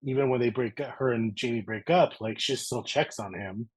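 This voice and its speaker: A man chatting as a guest on a podcast, relaxed and full of fillers like "like" and "you know". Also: medium pitch, moderate pace, rough recording. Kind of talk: casual chat.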